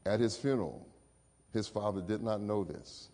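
Preaching a sermon at a moderate pace, a middle-aged pastor shares personal stories emotively. He swings from high and loud down to low and soft.

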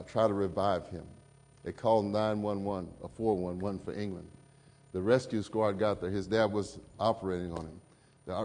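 A middle-aged male pastor preaches a sermon, telling personal stories with emotion. His voice climbs high and loud, then falls low and soft.

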